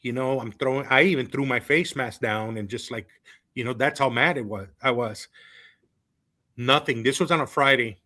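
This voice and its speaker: A man in his thirties guests on a sports podcast and recounts his playing days. His voice is bright and forceful, and his delivery is loose and animated. He leans on fillers and breaks into laughter. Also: medium pitch, normal speed. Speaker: former college baseball player, guest. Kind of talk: casual storytelling on a podcast.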